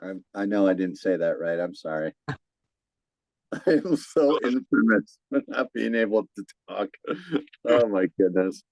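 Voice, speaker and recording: Brief: young male podcast host, upbeat and laughing, unhurried delivery, dry close sound. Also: on the low side, animated, gravelly, a little mellow, dry recording, rough recording. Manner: upbeat, laughs often, stumbles over words. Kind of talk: casual podcast chat. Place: at home.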